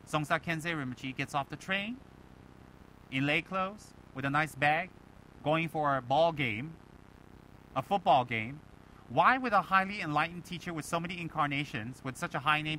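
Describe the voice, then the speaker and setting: A Buddhist teacher giving a dharma talk to students, animated and emphatic, firing rhetorical questions and mimicking other people. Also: male voice, a little high, slight background noise, low-quality recording.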